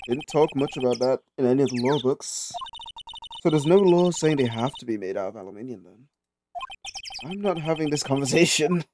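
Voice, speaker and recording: A man's voice: medium pitch, animated, a little fast, noisy background, pitched below the performer's own voice, natural voice. A man reading the lines of an exasperated young male lawyer in a video game playthrough. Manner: dry, exasperated.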